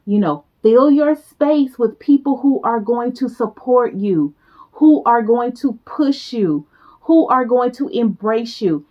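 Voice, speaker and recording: Woman, motivational speaker, talks straight to viewers, emphatic and repetitive, fairly high voice, slightly dull recording. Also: animated, slow pace. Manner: emphatic, repeats phrases, casual.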